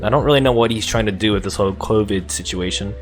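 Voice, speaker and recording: A man's voice: on the low side, quick pace, faint music behind. A man hosting a casual podcast chat, laughing often and restarting his sentences. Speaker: podcast host. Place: lives in Japan.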